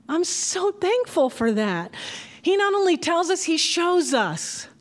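A woman's voice: extremely high pitch, sing-song, slow. An older grandmother preaching a sermon, telling a homey story with asides and laughs.

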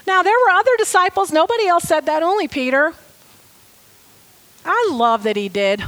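High-voiced woman preaching with animated storytelling. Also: a little slow. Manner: animated storytelling, acts out quotes. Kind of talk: sermon.

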